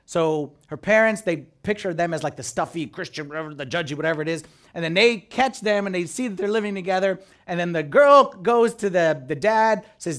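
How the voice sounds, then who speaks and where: A male priest delivers a sermon in a high, lively voice. He acts out the people he quotes and swings between loud bursts and near-whispers. His pitch climbs and falls all the time. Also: a little fast, few pauses.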